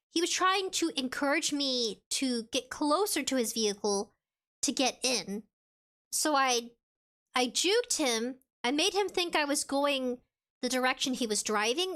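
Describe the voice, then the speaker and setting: A woman VTuber chatting casually on a live stream, rambling and filling pauses with "like" and "you know". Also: high voice, sharp tone. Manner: chatty and rambling, with frequent fillers.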